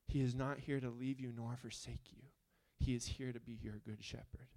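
A man preaching a sermon, moving between quiet questioning and loud, fervent appeals. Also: mid-range voice, flat delivery, normal speed.

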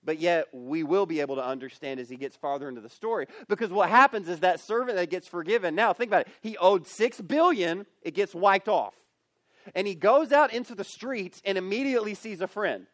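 A man preaching a youth camp sermon, storytelling and acting out characters in an animated way. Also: high-pitched, a little fast, no room sound. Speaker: youth pastor. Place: camp meeting space.

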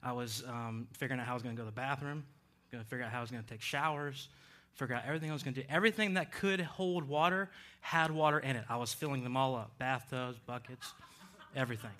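A man preaching a sermon, telling a personal story in a lively way with frequent laughter. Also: mid-range voice, quick pace. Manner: animated, laughs between lines. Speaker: pastor.

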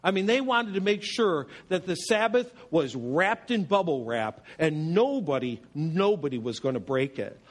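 A man preaching a sermon as pastor, animated and humorous, telling stories and asking rhetorical questions. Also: on the high side, moderate pace, few pauses.

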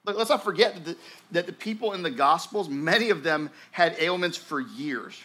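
A male pastor with a bright, forward voice pitched a little above the usual for men. He preaches conversationally and animatedly, stumbling over restarts, and at times drops into a hushed, slower register. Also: expressive, husky. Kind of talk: sermon.

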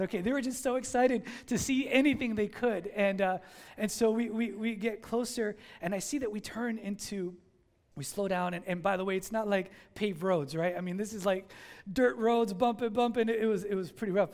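A male pastor preaching a sermon, telling a story in an animated, conversational way. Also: sits high, a little fast. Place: church in Miami.

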